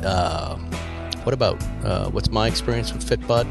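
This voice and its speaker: A man's voice: fairly low pitch, normal speed, gravelly, over music. A man hosting a podcast, teasing and laughing, who also reads ads in a casual way. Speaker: podcast host. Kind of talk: casual chat and ad read.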